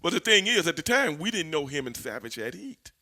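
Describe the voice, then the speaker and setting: A man, a former pro wrestler, telling backstage stories in a casual interview, animated and full of profanity. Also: on the high side, brisk. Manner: animated, profane, laughing storyteller.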